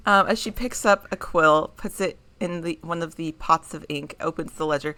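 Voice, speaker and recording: A woman narrating a tabletop game as game master, describing scenes in a halting way with fillers. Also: low voice, bright, forceful tone. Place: home streaming setup.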